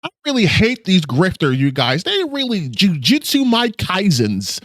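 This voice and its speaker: A man putting on an exaggerated, high, chirpy YouTuber voice as a parody of himself. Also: huge pitch swings, a little slow, fairly bright tone, no echo, clean studio sound, heavily acted. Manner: chirpy, sing-song, exaggerated.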